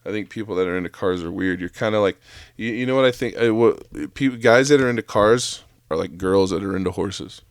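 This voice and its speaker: A man's voice: lowish voice, brisk, no room sound, clean studio sound. A man ranting casually on a solo podcast, profane and rambling, full of fillers and restarts. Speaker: podcast host; former chef.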